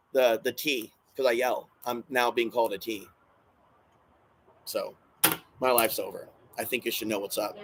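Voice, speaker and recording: A channel host talks alone to his camera in a rambling vlog, his medium-pitched voice agitated and emotional over some background noise. He repeats himself and swears, sounding distressed and hurt.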